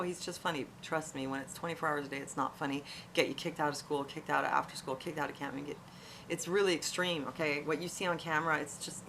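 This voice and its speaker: Low-voiced woman giving frank parenting advice. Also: a bit bright, slight background noise. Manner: earnest, frank, repeats words when emphasizing. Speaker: parent vlogger. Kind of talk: casual advice talk to camera.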